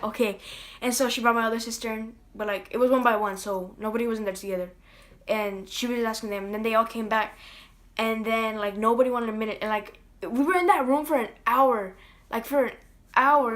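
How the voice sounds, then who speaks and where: A young woman telling a personal story in a casual vlog, rambling with lots of fillers, earnest. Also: fairly high pitch. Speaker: vlogger.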